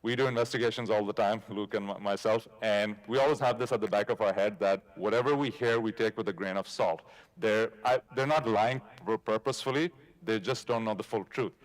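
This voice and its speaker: A man's voice: lowish voice, a little fast. A man giving a conference talk, telling a story in a casual way and acting out bits of dialogue. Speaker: conference speaker. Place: conference stage.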